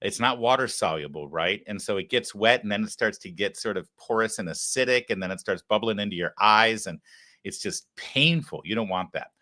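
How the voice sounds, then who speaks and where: A man's voice: on the low side, animated, brisk, bright, forceful tone. A man hosting a live political commentary show, talking in a sarcastic, mocking, conversational way. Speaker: talk show host.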